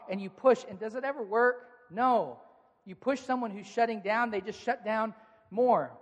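High-voiced pastor in a reverberant hall. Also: male voice, moderate pace, dull audio. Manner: earnest, direct, speaks to listeners as "you". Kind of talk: sermon. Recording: long reverb of a large hall.

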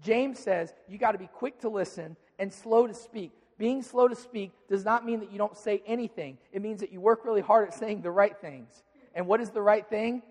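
High-voiced pastor preaching in a hall. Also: male voice, normal speed. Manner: conversational preaching, acts out dialogues. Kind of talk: sermon.

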